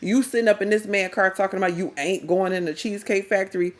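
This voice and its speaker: Blunt, animated woman ranting in slang. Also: medium pitch, quick pace. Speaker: commentary vlogger. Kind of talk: casual reaction commentary.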